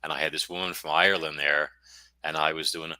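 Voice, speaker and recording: A man's voice: extremely low pitch, little pitch movement, brisk, pushed and bright, smooth, no echo. A middle-aged American man, a guest author, talking in a rambling, jokey and self-deprecating way on a casual podcast. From United States.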